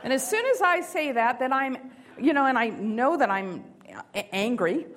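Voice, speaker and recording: A woman giving a sermon-style talk, expressive and acting out inner voices, slowing down for emphasis. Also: sits high. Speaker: speaker.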